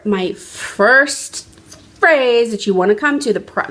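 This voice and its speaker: A woman's voice: mid-range voice, fairly bright tone. A woman life coach giving an earnest, emphatic motivational talk on a phone livestream, often restarting her sentences. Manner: earnest, emphatic, frequent restarts, varying pace.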